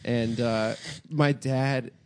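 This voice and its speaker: A man's voice: mid-range voice, fairly even intonation, extremely slow, a little mellow, clean tone. A young man co-hosting a podcast, telling rambling anecdotes full of fillers in casual chat.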